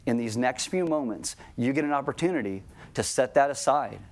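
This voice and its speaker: A middle-aged man preaching a sermon to his congregation in a conversational tone, slowing right down on key lines. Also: mid-range voice, animated. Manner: conversational preaching, slows down for emphasis. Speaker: pastor.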